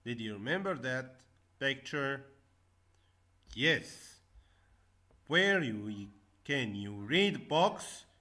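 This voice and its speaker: A man teaching a classroom English lesson, repeating each word and stressing the syllables loudly. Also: mid-range voice, expressive, very slow, pauses often.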